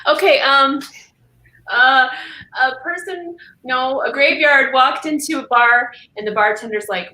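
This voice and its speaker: A woman improviser telling quick, playful punchline jokes and giggling over a video call. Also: sits high, pushed and bright, poor audio. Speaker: improv performer.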